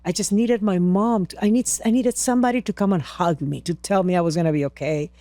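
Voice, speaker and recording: A woman's voice: lowish voice, fast, warm tone, dry recording. A woman from Peru, a podcast interview guest, telling a story earnestly and emotionally, with many restarts.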